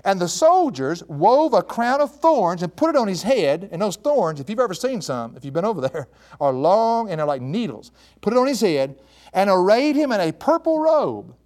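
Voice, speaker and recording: A man's voice: sits high, very animated, normal speed, a little mellow. A man preaching a sermon, walking through a passage, asking his listeners questions and calling them folks. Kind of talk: expository sermon.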